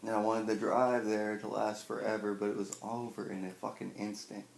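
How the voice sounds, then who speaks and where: A young man in his twenties, swearing a lot and telling a personal story with wry humor, acting out scenes loudly at times. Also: on the low side, flat delivery, a little fast, vocal fry. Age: 20s. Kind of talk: personal storytelling, stand-up style. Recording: echoey room with faint noise.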